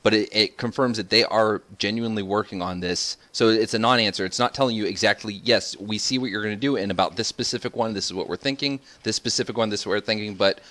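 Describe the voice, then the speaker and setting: Low-voiced podcast host steering talk. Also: male voice, bright, forceful tone. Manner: steering the discussion, measured questions. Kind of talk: casual podcast hosting.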